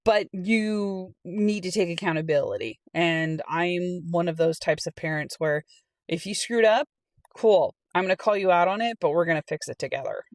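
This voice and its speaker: A middle-aged woman reading a storytime aloud and telling her own college story in a chatty, animated way. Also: fairly low pitch, no echo. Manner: chatty and animated, acts out quoted people. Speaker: storytime reader and channel host. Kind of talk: casual storytime reading with personal anecdote.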